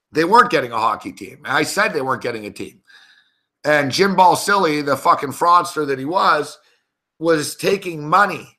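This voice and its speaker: A man spinning a heated, profane story as a panelist on a sports betting show. His voice is bright and forceful and sits a little high for a man. He talks in loose, sweary bursts. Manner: profane, heated, animated anecdote-telling. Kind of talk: casual storytelling.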